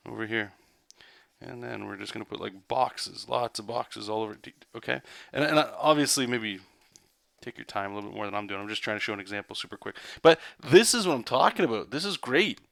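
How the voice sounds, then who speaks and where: Casting: male comic artist, bright, dry voice, excitable and loose, rambling casual drawing lesson. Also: fairly low pitch, brisk, vocal fry, no echo. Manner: loose, rambling, checks in with "right?" and "okay?".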